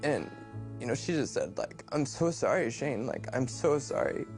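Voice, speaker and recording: A young man in a documentary interview, recalling a loss in a halting, quiet way. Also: mid-range voice, expressive, soft background music. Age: young adult. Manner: halting, quiet, grief-stricken recollection.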